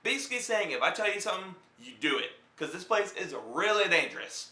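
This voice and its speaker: Bright-voiced young man ranting casually. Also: high voice, animated, fast, roomy sound. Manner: rambling, profane, joking. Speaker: film reviewer. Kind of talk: casual film review.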